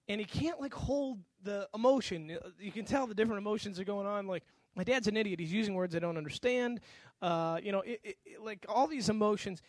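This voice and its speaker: A man with a notably high voice preaches, spinning a personal story with animated acted-out lines. The sound is dry and close, with no room echo. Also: a little fast. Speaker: pastor.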